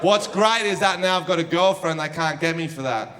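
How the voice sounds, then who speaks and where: A man's voice: a little high, fairly quick, noisy background. A man doing a brash, profane stand-up comedy set on a club stage. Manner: brash, profane, punchy delivery. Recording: live show with loud crowd laughter.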